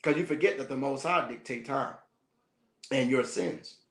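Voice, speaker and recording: A man's voice: medium pitch, moderate pace, a bit bright, reverberant. A man teaching as a minister, reading a text aloud and breaking off into slangy, joking asides with frequent laughs.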